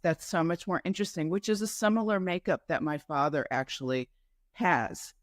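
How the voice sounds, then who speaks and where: A woman's voice: fairly low pitch, lively intonation, moderate pace, dry recording, studio quality. A woman from New York, a guest in a casual interview, telling her story in a meandering way with many asides and self-corrections. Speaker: guest entrepreneur.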